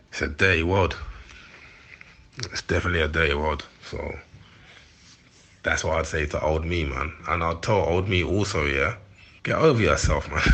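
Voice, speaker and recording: A London man in his forties speaks as an interview guest, his voice deep but forceful and bright-edged. He talks in heated street slang, quick to laugh. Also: slightly rough. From London, England. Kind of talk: candid interview chat.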